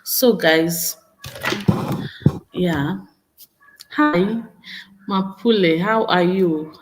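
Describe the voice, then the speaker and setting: A woman's voice: lowish voice, very slow, noisy background. A woman from Nigeria chatting casually on a live stream, greeting viewers by name and asking them to follow her pages. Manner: greets viewers directly, repeats requests to follow.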